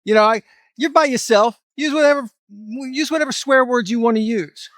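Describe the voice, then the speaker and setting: A man's voice: very high voice, normal speed, a bit bright, dry recording, clean studio sound. A middle-aged man giving a blunt, emphatic motivational talk to camera as a fitness vlogger, with some mild cursing.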